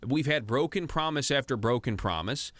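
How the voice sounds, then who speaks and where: A man's voice: mid-range voice, expressive, normal speed, fairly bright tone, dry recording. A man from Arkansas hosting a political talk radio show, chatty and growing heated and emphatic, in a studio. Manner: conversational, grows heated and emphatic.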